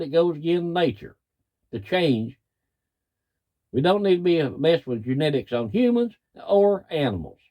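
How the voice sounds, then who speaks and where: A man's voice: medium pitch, dull audio. A middle-aged man, a cattle farmer ranting in plain, folksy, angry talk. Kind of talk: frustrated rant to camera.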